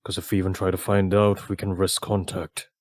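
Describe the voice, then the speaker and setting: A man voicing an armored warrior in a vision who speaks with measured caution. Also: sits low, level tone, darkish tone, dry recording. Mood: grave.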